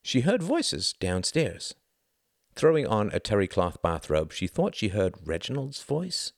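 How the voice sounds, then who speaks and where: A man reading a novel aloud as narrator, in a measured storytelling manner. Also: on the low side, huge pitch swings, creaky, no room sound, clean studio sound. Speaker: audiobook reader.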